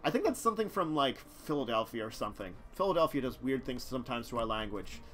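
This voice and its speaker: A man's voice: mid-range voice, big pitch swings, fast, a bit bright, faint music behind. A man casually commenting on a live stream about a card-game deck, rambling and talking to his chat. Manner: rambling, chatty, talks to chat, chuckles.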